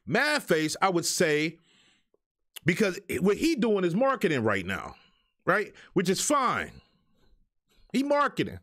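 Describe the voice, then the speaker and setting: A man's voice: on the high side, a bit bright. A man hosting his own live show, ranting in a profane, exasperated way to the people who send him music. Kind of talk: ranting live stream talk.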